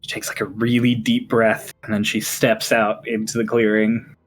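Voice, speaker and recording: A man narrating as dungeon master, relaxed and chatty, with fillers. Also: lowish voice, normal speed, soft background music. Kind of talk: narrating a tabletop game.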